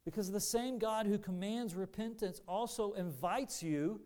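A man preaching a sermon to a congregation in an earnest, deliberate manner with rising emphasis. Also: high voice, mellow. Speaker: pastor.

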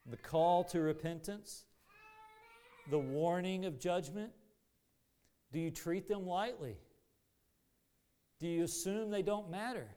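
A male pastor delivers a sermon to his congregation, speaking in a slightly high, smooth and resonant voice. He takes his time, letting each phrase land with earnest, deliberate weight. His emphasis rises as he presses his points home. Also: warm tone.

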